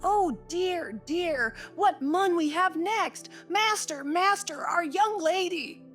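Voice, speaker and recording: Shrill panicked maid. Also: female voice, expressive, takes it slowly, fairly bright tone, faint music behind, full character voice. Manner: shrill, gasping, tumbling words. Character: panicked young servant girl, breathless, rustic.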